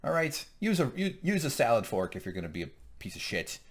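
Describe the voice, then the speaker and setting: Middle-aged male co-host, casual TV recap banter, pitch jumping all over, jokey delivery. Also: fairly quick. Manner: animated, jokey, acts out quoted lines in loud voices. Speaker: podcast co-host. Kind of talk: casual chat recapping a TV episode.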